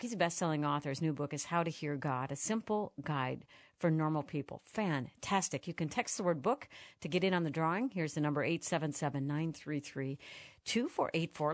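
A woman's voice: deep voice, no room sound. A woman hosting an interview with an author, earnest and enthusiastic as she praises and reads passages. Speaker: radio host.

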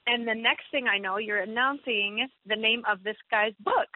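A woman's voice: fairly high pitch, moderate pace, no room sound. Woman caller, emotional, grateful, rambling, tinny phone line. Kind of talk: call-in radio talk show. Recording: telephone line.

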